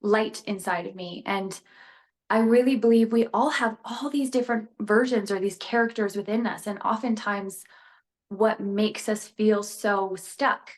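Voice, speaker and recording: A young woman talks openly as a podcast guest, her voice sitting at an ordinary middle pitch. She is lively and expressive, peppering her talk with "like" and breaking into short laughs. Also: a little slow. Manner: animated, frequent filler "like", laughs between thoughts. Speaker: guest, actress and motivational speaker. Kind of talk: casual podcast conversation.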